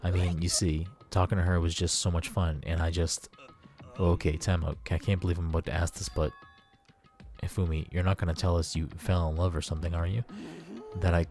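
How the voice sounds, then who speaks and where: Man voicing a pleading, melodramatic young otaku, deep-voiced, faint game music under. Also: level tone, fairly quick, a little mellow, lightly acted.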